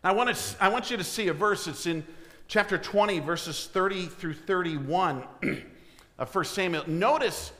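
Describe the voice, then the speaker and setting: Slow-preaching man in a reverberant hall. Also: sits high. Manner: asks the congregation questions, swings from loud to hushed. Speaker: pastor. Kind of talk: sermon.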